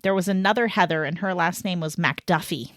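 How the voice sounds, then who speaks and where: A middle-aged woman co-hosting a podcast, chatting casually and throwing in quick reactions and her own anecdotes. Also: fairly low pitch, a bit bright, no echo, clean studio sound. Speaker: co-host.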